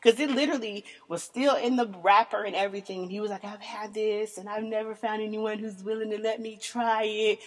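A woman's voice: little pitch movement, fairly quick, hardly any pauses, long reverb tail. A Southern American woman in her thirties, hosting a podcast and telling candid stories, profane and laughing often. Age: 30s. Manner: frank, profane, laughs often, voice leaps high in mock disbelief. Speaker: podcast host. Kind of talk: candid casual storytelling.

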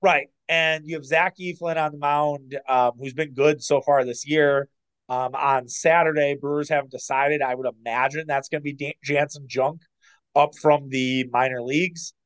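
A man co-hosting a casual sports podcast, opinionated and animated, with quick asides and some swearing. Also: a little high, smooth, low-quality recording. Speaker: podcast co-host.

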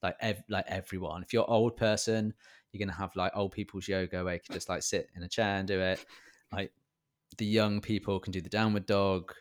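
A man's voice: low voice, fairly even intonation, fairly quick. A man in casual, rambling chat, joking and laughing often. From Britain.

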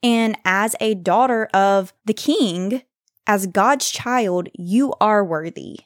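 A woman hosting a faith podcast, speaking earnestly and reassuringly, slowing down to stress scripture. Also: medium pitch, dry recording, clean studio sound. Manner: earnest, reassuring, reads scripture slowly with emphasis. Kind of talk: devotional encouragement talk.

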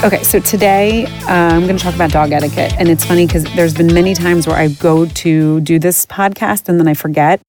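A woman's voice: lowish voice, a little fast, few pauses, music in the background. A middle-aged woman hosting a podcast, ranting in a blunt, profane and exasperated way. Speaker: podcast host. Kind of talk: casual ranting monologue.

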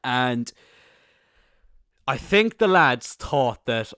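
A young man with an Irish accent telling a rambling story in a casual monologue, swearing freely and bursting into excited laughter. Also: medium pitch, normal speed, no echo, clean studio sound. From Ireland. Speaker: podcast host.

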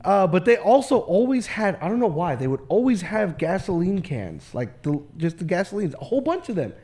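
Brief: high-voiced young man, podcast co-host, loose slang, swearing storyteller. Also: big pitch swings, brisk, a little mellow. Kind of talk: casual storytelling.

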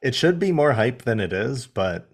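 A man's voice: medium pitch, very animated, normal speed. A man co-hosting a podcast, joking and laughing through a casual chat. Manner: playful, laughs often, jokey asides. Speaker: podcast co-host.

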